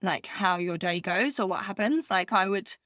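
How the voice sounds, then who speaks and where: In a clean studio recording with no room sound, an expat woman in Bermuda co-hosts a podcast, chatting casually and telling rambling stories packed with "like." She speaks at a moderate pace with a medium pitch and a fairly bright tone.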